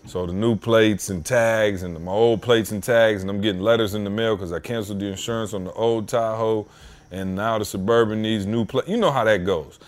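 A podcast host records from his home basement, his lowish voice moving at a brisk clip. He spins a long, casual story in slangy speech, animatedly acting out the voices of the people in it.

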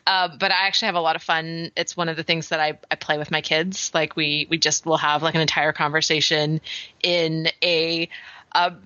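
Chatty woman podcast host, bright and dry. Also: low voice, little pitch movement, normal speed, no room sound, highs cut off. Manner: chatty, laughing, lots of fillers. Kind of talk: casual chat.

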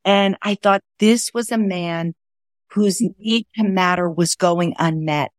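A woman's voice: lowish voice, takes it slowly, no room sound, studio quality. A woman author, a guest on a talk show, telling personal stories in an earnest, conversational way. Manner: earnest, acts out quoted dialogue. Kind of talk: conversational storytelling.

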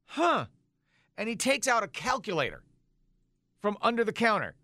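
Talk show co-host, male, high and bright, animated storyteller, dry close mic. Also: fairly quick, no echo. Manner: animated storyteller acting out voices. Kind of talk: comic storytelling chat.

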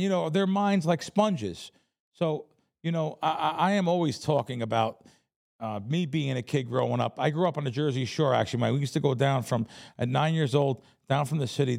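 A man's voice: medium pitch, vocal fry. A man from the Bronx, a professional sports bettor telling stories bluntly in a casual interview. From New York, the Bronx. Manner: blunt, animated storytelling.

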